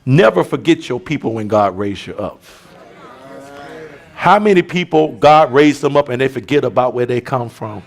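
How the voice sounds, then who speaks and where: Gravelly, fiery preacher man. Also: medium pitch, lively intonation, moderate pace. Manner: shouting, rhythmic preaching with colloquial asides. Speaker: bishop preaching. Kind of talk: sermon.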